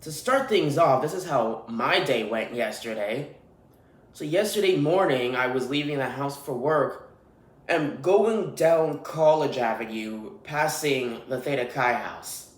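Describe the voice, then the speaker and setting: A man's voice: medium pitch, expressive, measured pace. A man hosting a solo podcast, ranting in an irritated, profane way. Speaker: podcast host. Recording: roomy echo.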